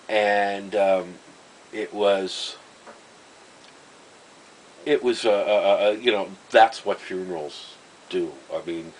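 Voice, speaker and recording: A man's voice: fairly low pitch, poor audio. A middle-aged man casually telling rambling personal stories, breaking off mid-sentence and chuckling at his own anecdotes. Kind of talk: casual storytelling monologue.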